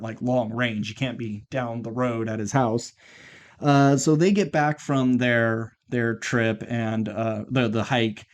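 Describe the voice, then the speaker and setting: Man, podcast co-host, casual movie recap, rambling, quotes characters, swears, medium pitch. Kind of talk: casual film recap chat.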